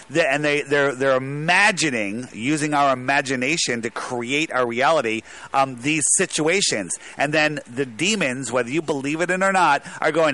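A man's voice: mid-range voice, normal speed, pushed and bright. A man calling in to a talk show, talking in a rambling, emphatic way with many restarts. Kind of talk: casual talk radio call.

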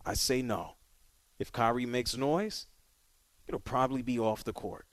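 A man's voice: mid-range voice, unhurried, dry recording. A man hosting a sports talk radio show, delivering an opinionated monologue with emphatic, punchy repetition.

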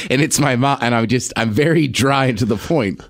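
A man's voice: mid-range voice, moderate pace, fairly bright tone, dry recording, clean studio sound. A man co-hosting a podcast, telling a story in casual chat and laughing often. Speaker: podcast co-host.

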